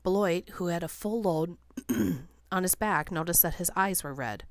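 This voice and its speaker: A woman reading a novel aloud as an audiobook narrator, in a steady, measured way. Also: fairly low pitch, no echo. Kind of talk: scripted narration.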